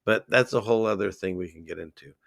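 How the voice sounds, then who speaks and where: A man hosting a livestream, chatting casually and excitably as he reads out viewer comments and drifts between topics. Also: low-pitched, fast, gravelly, dry recording, studio quality. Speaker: livestream host.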